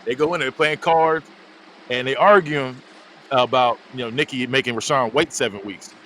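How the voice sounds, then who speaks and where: A man casually recapping a movie for his podcast, telling it as an animated story. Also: mid-range voice, moderate pace, a little hiss or hum, rough recording. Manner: animated storytelling, frequently laughing. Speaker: podcast host.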